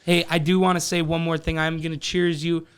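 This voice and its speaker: Smooth-voiced man in casual podcast chat. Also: fairly high pitch, little pitch movement, brisk, no echo. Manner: laid-back, swears freely. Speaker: podcast co-host.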